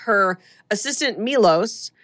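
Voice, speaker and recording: A woman hosting a casual podcast chat, retelling a horror movie plot with animated storytelling and acted-out lines. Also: medium pitch, unhurried. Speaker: podcast host recapping a film.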